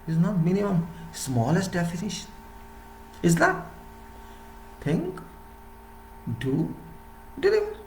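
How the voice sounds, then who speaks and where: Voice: medium pitch, huge pitch swings, takes it slowly, vocal fry, pauses often, roomy sound, slight background noise. An engineering lecturer in a rambling, playful monologue who asks rhetorical questions and answers them.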